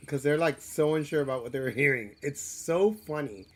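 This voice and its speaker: A man streams a role-playing game live, giving casual commentary in a rambling, self-deprecating way full of restarts and filler words. His voice is fairly high and animated, and he talks fast with hardly any pauses.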